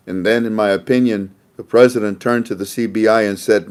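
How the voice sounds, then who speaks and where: A man's voice: lowish voice, fairly even intonation, fairly quick, hardly any pauses, a little mellow. A man hosting a casual monologue, rambling and repeating his phrases, with frequent laughter. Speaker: host.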